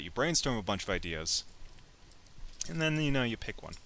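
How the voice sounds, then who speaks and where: A man's voice: lowish voice, sing-song, moderate pace, sharp tone, a little hiss or hum. A young man teaching a casual, joking lecture on science and engineering, acting out imagined speakers with playful asides.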